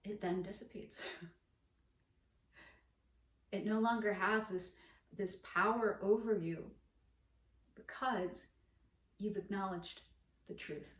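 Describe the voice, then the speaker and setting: A woman yoga teacher speaks in an unhurried, gentle, reflective way, letting her words settle. Her voice sits a little away from the mic, with a roomy echo around it. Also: medium pitch, fairly even intonation. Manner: slow, gentle, reflective teaching with soft closing blessings. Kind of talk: spoken dharma talk. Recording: echoey room, voice from a distance.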